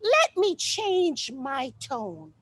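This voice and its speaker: A woman's voice: high voice, extremely slow, slight background noise, full character voice. A woman playing a sassy, outspoken woman. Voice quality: expressive, mocking tone shifts. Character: sassy, outspoken grown woman airing grievances. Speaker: stage actor performing a monologue. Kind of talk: theatrical monologue.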